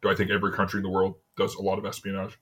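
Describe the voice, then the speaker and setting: A man chats loosely, circling back and restarting as he tells his stories. His voice sits a little low and has a husky grain. He laughs easily between thoughts. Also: monotone, very fast, a bit bright. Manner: rambling storyteller, laughs often, many restarts. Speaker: city worker, podcast guest. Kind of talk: casual chat.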